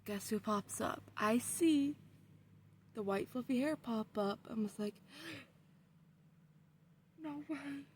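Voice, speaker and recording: Excitable swearing woman telling a story. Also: a little high, measured pace, a little hiss or hum. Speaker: vlogger. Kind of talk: casual storytelling.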